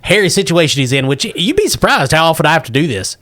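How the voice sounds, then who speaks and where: A man voicing an ancient, magically animated male moth that is crude and cranky. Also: fairly high pitch, quick pace. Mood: rambling.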